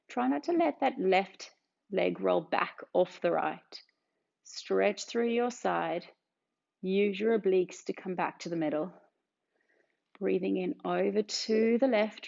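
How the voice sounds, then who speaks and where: In a gravelly, darkish mid-range voice, an Australian woman instructs a pilates ab workout, panting as she cues each exercise and counts down. The audio has a dull, lo-fi quality.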